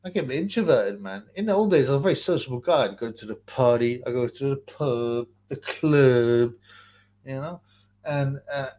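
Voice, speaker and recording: Young man, casual streamer host, slangy rambler, middle-pitched voice. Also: animated, moderate pace, a little mellow. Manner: rambling and slangy, laughs often, trails off into mumbles. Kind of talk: casual live-stream chat reading donations and questions.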